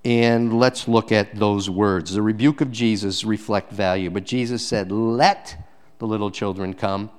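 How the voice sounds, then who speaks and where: A man's voice: fairly low pitch, steady tone, unhurried, clear, resonant tone. Man preaching with dynamic emphasis. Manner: dynamic preaching, swings from loud emphasis to quiet intensity. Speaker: pastor. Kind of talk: sermon.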